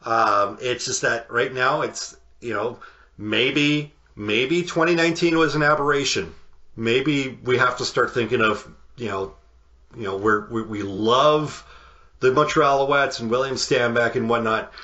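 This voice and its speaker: A man co-hosting a casual sports podcast, talking in halting bursts with many restarts and fillers. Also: mid-range voice, bright, forceful tone, dull audio. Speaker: podcast co-host. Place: home podcast studio.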